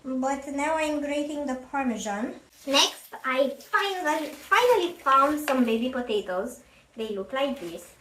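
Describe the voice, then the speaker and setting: A woman's voice: high-pitched, animated, a little slow, pushed and bright. A woman vlogging as she cooks at home, chatty and self-deprecating, thinking aloud as she works. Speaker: cooking vlogger. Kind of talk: casual cooking chat. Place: home kitchen. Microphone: camera at a distance, face out of frame. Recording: roomy kitchen, mic far off, faint noise.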